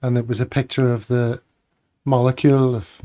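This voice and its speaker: A man's voice: medium pitch, level tone, normal speed, warm tone. A man hosting a casual chat, joking and laughing at his own jokes. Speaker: podcast host.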